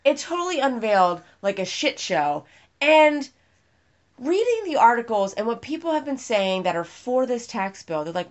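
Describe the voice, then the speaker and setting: A woman talks in a highly animated, fairly high voice, her pitch swinging widely as she laughs and swears through casual political chat. The recording sounds dull and lo-fi. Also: moderate pace.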